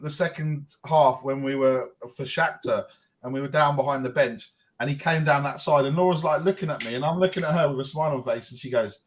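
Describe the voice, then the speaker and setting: A middle-aged man chatting as a co-host, telling lively family stories and laughing often. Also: a little high. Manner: animated storyteller, quick to laugh. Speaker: co-host and football fan. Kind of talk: casual fan chat and storytelling.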